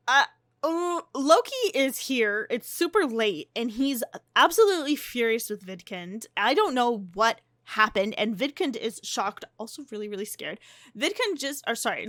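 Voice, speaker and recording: A woman's voice: fairly high pitch, lively intonation, moderate pace, fairly bright tone, dry recording, studio quality. A young woman giving casual, chatty gameplay commentary, often restarting and gasping. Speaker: life-sim gameplay narrator. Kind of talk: casual let's-play commentary.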